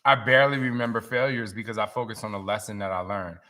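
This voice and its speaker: A man in his forties hosting a casual live-stream chat, telling stories in an animated, emotional way. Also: fairly low pitch, fast.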